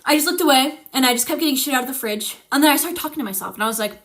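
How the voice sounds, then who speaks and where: A young woman streamer telling a frightening story in casual chat, animated and swearing, teary-eyed as she talks. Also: high-pitched, racing, few pauses. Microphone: streaming mic.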